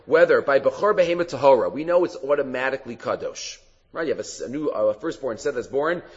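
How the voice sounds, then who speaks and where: A man giving a Talmud class lecture, animated and often halting to restart his phrases. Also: medium pitch, slightly rough. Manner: animated, acts out quoted rabbis in a raised voice; halting, with many fillers and restarts. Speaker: Talmud teacher. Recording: reverberant hall, dull lo-fi sound.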